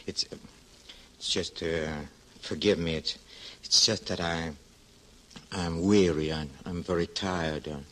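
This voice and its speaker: A very low, deep male voice: a secretive, severe lodger in an old-time radio play. He speaks haltingly, stammering over his words, then turns cold and sharp. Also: fairly even intonation.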